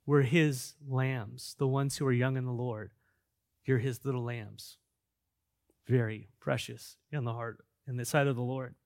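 A man preaching as a pastor, earnest and emphatic, dropping to quiet stretches and then building back up. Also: medium pitch, fairly even intonation, measured pace, vocal fry, no echo, studio quality. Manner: earnest, emphatic preaching that swings between soft and loud. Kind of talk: sermon.

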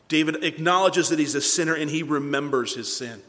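A male pastor preaching a sermon, animated, swinging between loud bursts and hushed asides. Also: on the high side, moderate pace, few pauses, in a large hall.

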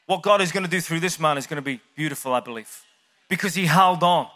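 A male preacher delivers a sermon, retelling a story with animation and tossing questions to the crowd. His voice sits high and bright, and a long hall reverb follows each phrase. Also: fast.

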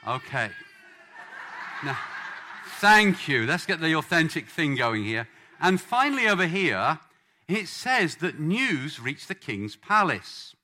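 Guy preaching, bouncy up and down voice, really bright tone, coaxing the room to join in. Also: on the high side, unhurried. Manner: lively, playful, coaxing the crowd. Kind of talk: sermon with congregation participation.

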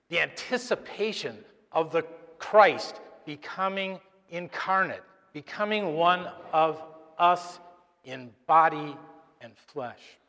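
A man, apparently a deacon, giving a conversational sermon during Mass, halting and joking with the congregation. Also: a little high, a bit bright. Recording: long church reverb.

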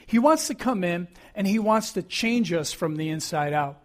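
A man's voice: sits high, lively intonation, normal speed. A middle-aged man preaching a sermon as pastor, earnest and emphatic, repeating key phrases.

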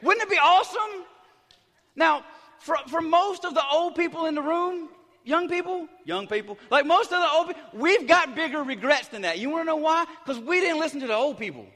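A middle-aged pastor preaching a sermon, hyper and excited, tumbling through restarts and repeated words. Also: male voice, extremely high pitch, normal speed. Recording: big hall reverb.

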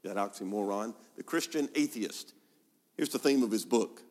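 A man's voice: on the low side, moderate pace, a little mellow. A male pastor preaching a sermon, asking rhetorical questions and repeating words for emphasis. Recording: long hall reverb.

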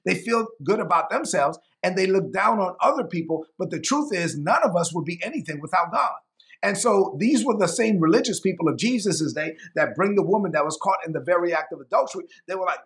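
A man's voice: sits high, big pitch swings, normal speed, creaky, a bit bright. A man preaching a sermon, emphatic, repeating phrases and acting out quotes.

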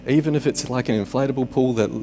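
A man's voice: mid-range voice, fast, mellow. Male pastor, middle voice, conversational sermon with wry asides, slight background hum. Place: church service.

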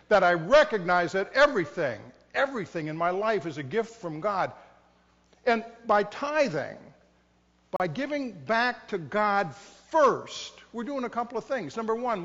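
A middle-aged male pastor with a high, fairly bright voice preaches a sermon in a church sanctuary. He is conversational and self-mocking, acting out his listeners' inner voices, and the sound is dull with long church reverb.

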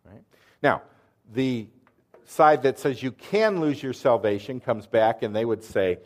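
Speaking at an unhurried pace and medium pitch, a man delivers a sermon, earnestly explaining verses and quizzing his listeners with questions.

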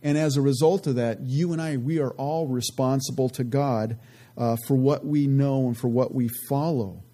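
A man teaches from scripture in an earnest, easygoing way, with frequent conversational asides. His voice sits at a middle pitch with a warm, mellow tone. He slows down deliberately when reading verses aloud. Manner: earnest, relaxed, many "you know" asides. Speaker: Bible teacher.

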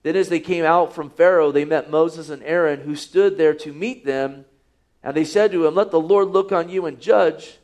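A man with a high voice preaching a sermon. He reads scripture aloud and keeps asking his listeners rhetorical questions. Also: moderate pace, darkish tone. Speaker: pastor.

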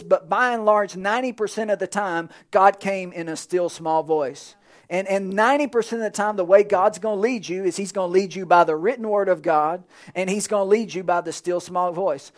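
Male pastor, high voice, animated sermon delivery with sudden drops to a near hush. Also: moderate pace. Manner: animated preaching, swings from loud to hushed. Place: church.

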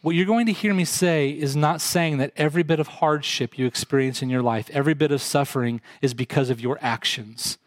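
Earnest man preaching, fairly high voice. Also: a little fast, few pauses, no room sound. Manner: earnest, asks the congregation direct questions. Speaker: pastor. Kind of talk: sermon.

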